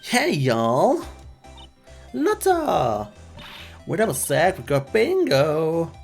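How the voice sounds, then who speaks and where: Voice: medium pitch, animated, moderate pace, faint music behind, natural voice. Streamer putting on a drawling Southern woman. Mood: sassy. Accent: American Southern. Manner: folksy, sassy, loud. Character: brash drawling female Southern photographer. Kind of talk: reading game dialogue aloud.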